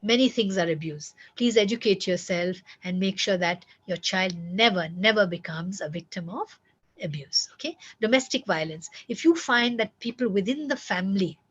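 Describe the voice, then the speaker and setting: A woman's voice: medium pitch, normal speed, a bit bright, breathy edge, dull audio. A woman giving earnest, emphatic parenting advice, repeating key words and speaking directly to listeners. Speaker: parenting coach.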